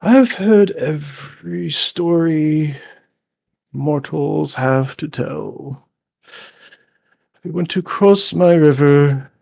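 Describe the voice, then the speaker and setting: A man voicing an ancient, bored male river lord spirit in a tabletop game, speaking in a deep, slow, haughty voice. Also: creaky, darkish tone, no room sound, exaggerated voice. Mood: weary, imperious.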